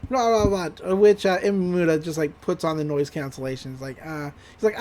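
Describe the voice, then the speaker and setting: A woman's voice: low-pitched, fairly quick, few pauses, warm tone. A woman co-hosting a podcast, recapping an episode in casual chat, laughing often and swearing freely. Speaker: podcast co-host.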